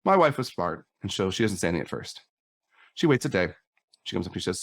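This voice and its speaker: A man's voice: deep voice, sing-song, quick pace, gravelly, no room sound, clean studio sound. A middle-aged man on a podcast, candidly telling a personal story and acting out the dialogue. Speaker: podcast guest.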